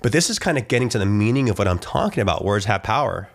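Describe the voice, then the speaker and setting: Reflective man with a lowish voice. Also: sing-song, quick pace, gravelly. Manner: reflective, conversational, many "like" and "right?" asides. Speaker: podcast host. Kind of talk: casual solo podcast talk.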